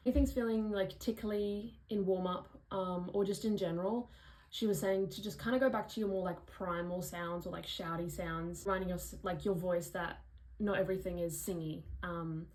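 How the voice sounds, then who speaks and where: A woman's voice: on the low side, steady tone, moderate pace, darkish tone, low-quality recording. A young Australian woman with an Australian accent, recapping a singing lesson in a chatty vlog full of "like" fillers. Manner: chatty, frequent "like" fillers, demonstrates vocal sounds. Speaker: vlogger, musical theatre singer.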